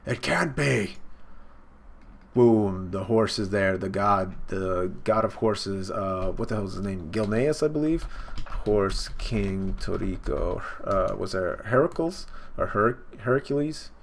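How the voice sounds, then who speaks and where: Excitable man retelling a manga chapter. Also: deep voice, a little slow, a little hiss or hum. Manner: excitable slangy retelling, acting out character lines. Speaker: online manga reaction host. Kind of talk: casual live reaction recap.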